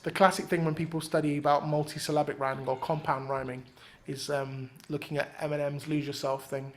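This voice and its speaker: A man's voice: a little high, flat delivery, moderate pace, slight background noise. A man leading a rap writing workshop in casual teaching talk. He is easygoing, fills gaps with "um" and slips into rhythmic rap examples as he explains. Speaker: workshop leader and rapper.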